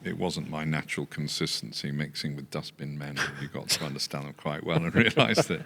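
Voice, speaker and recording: Very deep-voiced posh English man. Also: fairly quick, gravelly, bright, forceful tone, slight background noise. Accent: posh English, not typical Yorkshire. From England. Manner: storytelling with frequent laughter and swearing. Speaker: podcast guest, business founder. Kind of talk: casual anecdotal chat.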